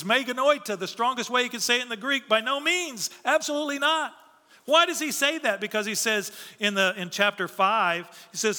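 Male pastor, high bright voice, emphatic preaching with rhetorical questions, in a reverberant sanctuary. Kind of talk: sermon.

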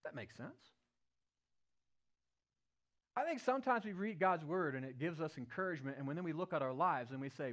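A male pastor preaching a sermon at a church service. He retells a story vividly, moving from loud, raised passages to hushed, low ones. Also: lively intonation, brisk, pauses often.

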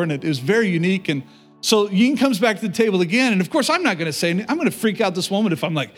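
A middle-aged man preaching a sermon, telling a personal story with animated delivery and speaking directly to his congregation. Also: sits high, very fast, soft background music. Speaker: pastor.

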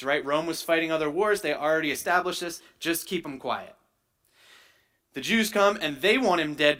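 A man delivers a sermon in a bright, ringing voice that sits a little high for a man. He explains in a casual, conversational way and keeps checking in with his listeners. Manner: conversational teaching with frequent "right?" check-ins. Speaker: pastor.

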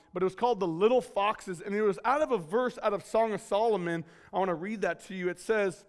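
A man in his thirties from California, preaching a casual sermon full of self-mocking stories and fillers. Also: high-pitched. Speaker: guest preacher at his home church.

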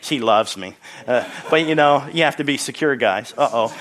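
A man's voice: mid-range voice, expressive, normal speed, a bit bright. A man in his sixties from the Philadelphia area, preaching a sermon as guest pastor with jokes and frequent hallelujahs. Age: 60s. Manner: joking, exclamatory, frequent hallelujahs.

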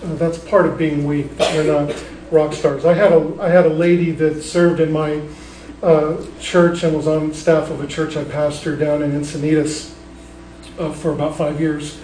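A man preaching a sermon as a pastor, telling stories in a relaxed, conversational way with frequent restarts. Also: fairly high pitch, moderate pace, reverberant, far from the mic, slight background noise, poor audio. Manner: conversational storytelling with many restarts.

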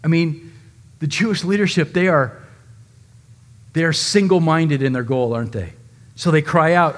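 A man delivering a sermon with a slightly high-pitched voice. He speaks dramatically, acting out quoted speech and rising and dropping his volume for effect. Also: animated, normal speed, fairly bright tone. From United States. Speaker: pastor.

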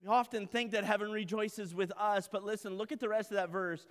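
A man preaching a sermon in an animated, conversational way, joking with his congregation. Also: high voice, brisk, few pauses, in a large hall. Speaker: pastor.

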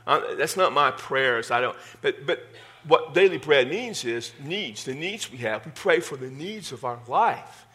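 Texan pastor preaching a relaxed sermon. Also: male voice, medium pitch, a little slow. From Texas. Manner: conversational preaching with self-deprecating humor.

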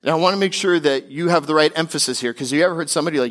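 Emphatic male pastor, higher voice. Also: fairly bright tone. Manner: emphatic preaching with casual asides; slows and climbs in pitch on key declarations. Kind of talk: sermon.

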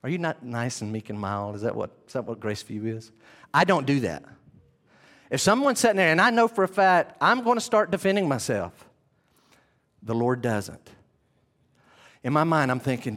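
A male pastor preaching an animated sermon, telling the story with vivid retelling and addressing the listeners as "guys". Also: mid-range voice, moderate pace, long pauses.

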